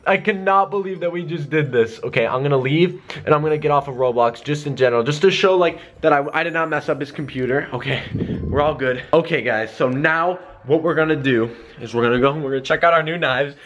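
A young man hosting an excited gaming vlog, hyped and often out of breath as he runs between rooms. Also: fairly high pitch, fairly quick. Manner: hyped, breathless, calls viewers guys and baby. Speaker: gaming YouTuber.

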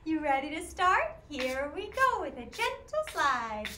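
A woman's voice: high-pitched, sing-song, measured pace, sharp tone, a little hiss or hum. A woman with a Midwestern American accent leading an interactive music class for small children, talking in an encouraging sing-song way and singing animal songs. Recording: echoey room, faint ambience.

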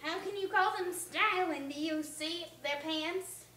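A woman's voice: very high-pitched, unhurried, bright, forceful tone, exaggerated voice. A woman playing a silly young elephant in a homemade comedy skit, bantering and bickering playfully with a giggly manner. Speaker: comedy sketch performer. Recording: echoey room, voice far from mic.

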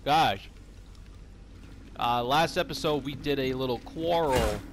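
A man's voice: medium pitch, slow pace. A young man hosting his gaming channel, joking and swearing casually through a let's-play with a cough drop in his mouth. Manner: chatty, joking, swears freely. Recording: game noise and ambience behind the voice.

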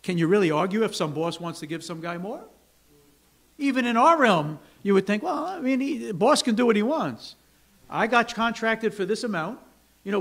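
A man's voice: on the high side, fairly bright tone. Conversational man preaching a sermon. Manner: conversational, asks the congregation "right?" often; acts out grumbling workers with raised voice. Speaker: pastor. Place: church sanctuary.

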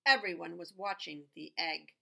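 A woman's voice: lowish voice, moderate pace, vocal fry, pushed and bright. A woman reading a picture book aloud, breaking off into chatty asides and acting out the animal sounds. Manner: chatty asides to the listener between pages. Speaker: storybook reader.

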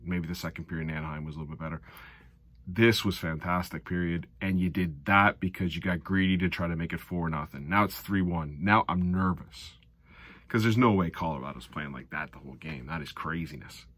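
A man's voice: sits low, brisk, a bit bright, no echo. Exasperated, sarcastic man recapping hockey. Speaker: hockey fan commentator. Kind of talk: casual game recap.

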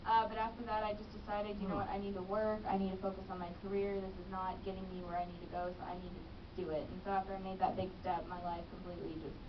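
A woman's voice: medium pitch, flat delivery, very fast, hardly any pauses, noisy background. A young woman, an actress and business manager, chatting in a radio interview and laughing easily. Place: radio studio. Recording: distant, muffled radio studio audio.

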